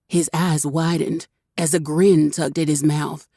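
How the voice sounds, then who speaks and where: A woman narrating a first-person audiobook with wry, expressive storytelling. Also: low-pitched, moderate pace, few pauses, dry recording, clean studio sound.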